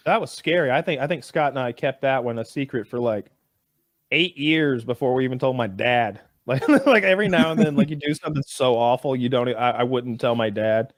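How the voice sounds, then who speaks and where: A man in his thirties on a podcast, telling a story in a casual, animated way and jumping up in pitch when he acts out voices. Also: brisk, no room sound, studio quality. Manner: animated storyteller who jumps high acting out voices.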